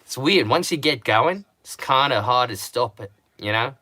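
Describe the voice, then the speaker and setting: A man's voice: medium pitch, animated, normal speed, bright, forceful tone, dry recording, studio quality, pitched below the performer's own voice. A man slipping into a mock Australian accent. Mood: amused. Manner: rambling.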